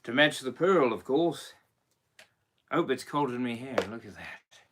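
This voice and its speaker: A man's expressive, medium-pitched voice, a bit bright and a little slow, voices a swaggering pirate captain fond of rum. He keeps up the act in a live stream chat, using playful mock pirate speech.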